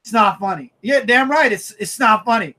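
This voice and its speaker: A man co-hosting a casual comic book review chat, animated and emphatic, often repeating himself and breaking into shouts. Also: high-pitched, normal speed. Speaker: comic book podcast co-host.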